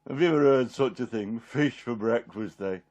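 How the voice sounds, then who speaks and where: A man's voice: medium pitch, moderate pace, darkish tone, natural voice. A man playing the apostle Peter, a homely fisherman, in a rambling, chuckling one-man Bible monologue. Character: apostle Peter, middle-aged fisherman, homely and warm-hearted. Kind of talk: dramatic character monologue.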